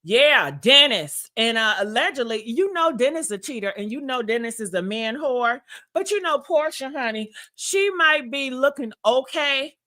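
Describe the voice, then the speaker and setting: Sassy high bright-voiced woman gossiping. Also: lively intonation, normal speed. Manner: sassy, messy, laughs at herself, talks to viewers. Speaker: host. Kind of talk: casual celebrity gossip livestream.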